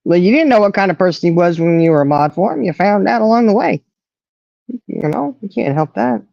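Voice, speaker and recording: A woman's voice: mid-range voice, animated, fairly quick, gravelly, dark tone, no room sound, lo-fi sound. A woman hosting a casual livestream chat, teasing her co-host and laughing often. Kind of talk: casual chat reading viewer comments.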